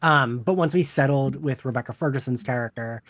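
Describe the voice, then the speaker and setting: A teacher appears as a guest on a podcast, chatting casually but hesitantly, with lots of "um" and "like". His voice is medium-pitched and a bit bright, his pace brisk, with no room sound.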